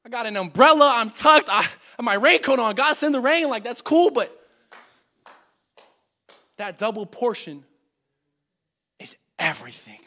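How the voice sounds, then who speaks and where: A young man teaching an adult church class, earnestly swinging between loud urging and hushed reflection. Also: very high-pitched, expressive, a little slow, pauses often. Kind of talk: sermon.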